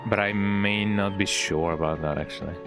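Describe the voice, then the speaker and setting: A man's voice: on the low side, fairly even intonation, moderate pace. Rambling male streamer saying "eh?". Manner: rambling, tags lines with "eh?". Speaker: gaming streamer. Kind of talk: casual let's play commentary. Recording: game music playing behind.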